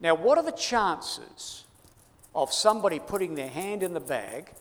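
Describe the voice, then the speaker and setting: Speaking a little slowly, an Australian presenter with a fairly high, fairly bright voice and big pitch swings teases a live audience in a large hall. It's a lively talk built on audience participation, with long reverb from the hall.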